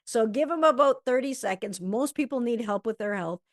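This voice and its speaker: A woman teaching a health coaching lesson who acts out sample conversations with lively energy. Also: on the high side, normal speed, no room sound, studio quality.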